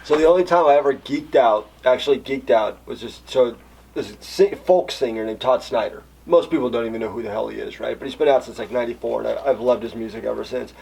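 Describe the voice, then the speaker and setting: Husky man, a bit off the mic. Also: medium pitch, fast, a little mellow, recorded from a distance, low-quality recording. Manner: chimes in with short agreements and jokes. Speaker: band member, podcast co-host. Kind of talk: casual chat.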